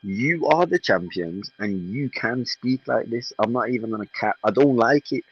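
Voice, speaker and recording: A man with a husky voice, a podcast co-host arguing indignantly in heated football banter and mocking his rival's words. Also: on the low side, expressive, moderate pace, a bit bright, no echo, highs cut off. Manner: indignant, exasperated, mocking quotes.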